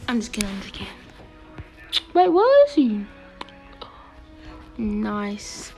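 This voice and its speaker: Woman, game streamer, casual gameplay commentary, playful, teasing, frequent whispers, drawn-out delivery, faint game music behind. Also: medium pitch, huge pitch swings, mellow, slightly rough.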